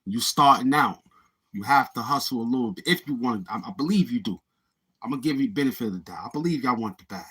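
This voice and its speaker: Fast-talking and expressive, this middle-aged Brooklyn man hosts a casual livestream, reading chat and answering in street slang while repeating himself. His medium-pitched voice is pushed and bright with a breathy edge.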